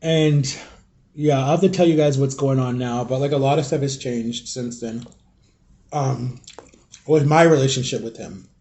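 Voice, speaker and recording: A man's voice: mid-range voice, moderate pace, darkish tone. A young man vlogging and telling a personal story to his viewers in a rambling, confiding way, full of fillers. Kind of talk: casual storytelling vlog.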